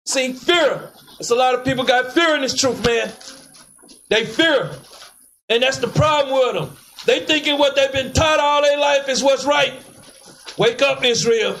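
A man preaching, commanding his reader to read on and firing back sharp questions. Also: extremely high pitch, unhurried, a little hiss or hum, low-quality recording. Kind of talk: street preaching with scripture reading.

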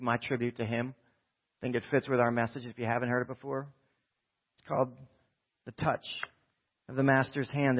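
A male pastor preaching a sermon in a church, exhorting and emphatic. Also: medium pitch. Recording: dull lo-fi recording.

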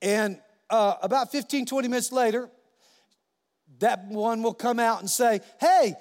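A man delivers a sermon from the pulpit in a high, bright-pitched voice. He tells stories with animation, acting out the quoted voices. The sound carries a long reverb, like a church sanctuary. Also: steady tone, normal speed. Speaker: pastor.

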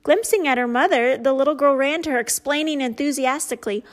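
A woman's voice: sits high, brisk, few pauses. A woman hosting a casual chat and reading out funny stories, often breaking into laughter at them. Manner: giggly, often laughs at what she reads. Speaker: host; parent.

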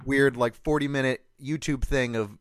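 A man's voice: medium pitch, normal speed, clear, resonant tone, no echo, studio quality. A young man chatting casually on a podcast, telling crude jokey stories and slipping into voices. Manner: crude, jokey, animated storytelling with put-on voices. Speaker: podcast co-host. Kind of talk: casual banter.

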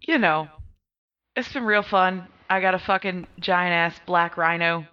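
A woman's voice: lowish voice, unhurried, sharp tone. A woman co-hosting a casual podcast chat, rambling and laughing as she talks. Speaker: podcast co-host. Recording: dull lo-fi sound.

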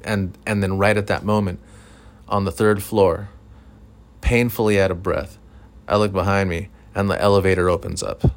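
A man's voice: sits low, steady tone, moderate pace. A man telling a rambling, profane, self-deprecating story in a casual monologue, with lots of fillers. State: recovering from illness, short of breath at times. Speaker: podcast host.

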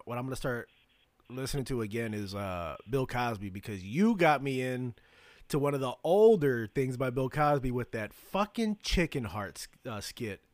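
A man's voice: medium pitch, no room sound, studio quality. A man hosting a casual podcast chat, rambling and swearing, with many fillers and restarts. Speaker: podcast host.

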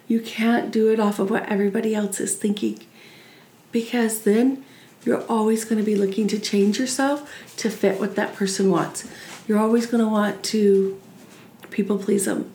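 A woman's voice: mid-range voice, mellow, slight background noise. A middle-aged woman life coach giving an earnest, encouraging solo talk and acting out the voices in her head. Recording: echoey room.

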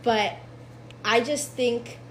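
Young woman guest, earnest casual explainer, slightly high voice, faint noise underneath. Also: steady tone, extremely slow, low-quality recording. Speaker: podcast guest. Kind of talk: casual chat.

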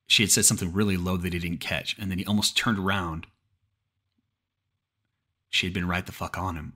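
A man's voice: sits low, pushed and bright, slightly rough. A man narrating a creepypasta horror story in a cursing, casual way, often restarting mid-sentence.

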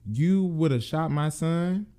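A man's voice: fairly high pitch, slow pace, warm tone. A man co-hosting a podcast, swearing emphatically in a heated casual rant. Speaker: podcast co-host.

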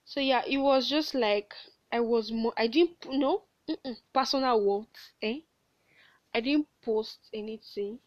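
A woman's voice: fairly high pitch, a little slow, no echo. A young woman, hosting a candid solo podcast; she rambles, swears bluntly and laughs at herself. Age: late teens. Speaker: podcast host. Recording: dull, dry lo-fi home recording.

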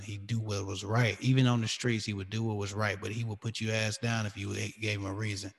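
A man's voice: on the low side, long reverb tail. A man telling a personal story in a candid, profane podcast chat. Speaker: podcast co-host.

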